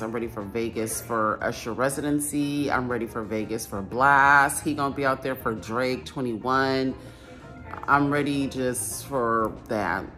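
A young woman from California talking casually to her vlog viewers, telling stories and acting out what people said. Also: low voice. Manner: chatty storytelling, acts out quoted people. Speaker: vlogger. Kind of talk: casual vlog talk to camera.

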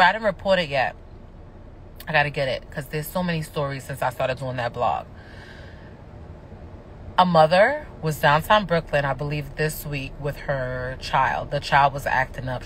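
A woman's voice: low voice, a bit bright, a little hiss or hum. A woman ranting on a livestream, passionate, annoyed and cursing, talking indoors at home into a phone. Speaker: reality TV personality going live. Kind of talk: livestream rant.

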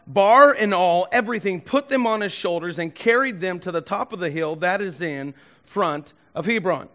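A pastor delivering a sermon, retelling a story with lively, animated delivery and acting out the characters. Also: male voice, sits high.

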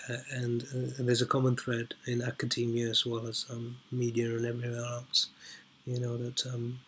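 Male vlogger, middle pitch, very monotone, hesitant filler-heavy off-the-cuff commentary. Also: a little hiss or hum. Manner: hesitant, heavy with ums and uhs; emphatic repetition for stress. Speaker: video blogger. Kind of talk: unscripted commentary while reading an article.

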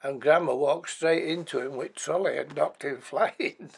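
Gravelly old man. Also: a little high, unhurried. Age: 80s. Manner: plain-spoken, matter-of-fact, blunt everyday words. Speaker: bereaved husband and former carer. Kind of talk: personal life story told for a documentary.

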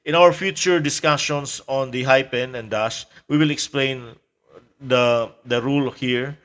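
Man giving a relaxed language lecture. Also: mid-range voice. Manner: explains slowly with fillers, repeats example words. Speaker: language teacher. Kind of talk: casual spoken lecture.

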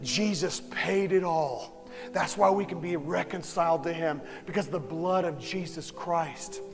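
A high-pitched male pastor preaching with passion, dropping to near whispers and climbing to shouts. His voice rings through a church hall with a long reverb tail, and soft music sits faintly underneath. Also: measured pace, vocal fry. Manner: impassioned, swings from hushed to shouting. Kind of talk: sermon. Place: church sanctuary.

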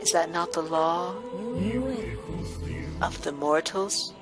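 A man voicing an ancient disembodied deity, reading its archaic lines slowly and gravely. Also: a little high, steady tone, over loud music. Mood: solemn.

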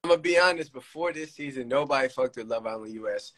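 A man from the United States hosting a casual interview, blunt and relaxed, with plenty of slang and swearing. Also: mid-range voice, fast, rough recording. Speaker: host.

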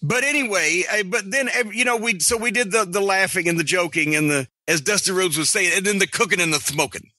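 A middle-aged man hosting a podcast, telling a story in an animated, profane, sarcastic way. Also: high voice, fairly quick, few pauses, no room sound. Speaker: podcast host.

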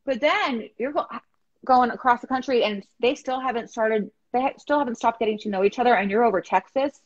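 A woman guest chatting casually, telling stories with lively acted-out quotes. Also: fairly high pitch, fairly quick, muffled recording. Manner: animated storytelling, acts out quotes. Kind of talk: casual chat.

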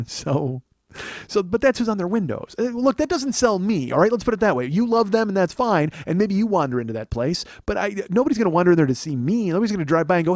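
A comedian in his forties rants through a comic story, swearing freely and staying animated throughout. His voice sits fairly high for a man. It is recorded close and dry, with no room sound. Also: a little fast, no room sound. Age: 40s. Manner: animated, ranting, profane. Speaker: comedian podcast host.

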